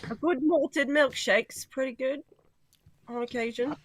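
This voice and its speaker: A woman joining a casual live-stream chat, playful and quick to giggle. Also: high-pitched, steady tone, background noise.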